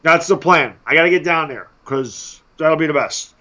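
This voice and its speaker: A man's voice: a little high, normal speed, bright, forceful tone, dull audio. A man co-hosting a casual live sports talk stream, teasing his partner with wisecracks.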